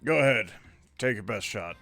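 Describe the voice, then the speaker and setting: A man's voice: on the low side, animated, normal speed, bright, forceful tone, soft background music, exaggerated voice. A man reading game dialogue aloud, voicing a cocky, tough young male brawler who talks back with defiance. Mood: resolute.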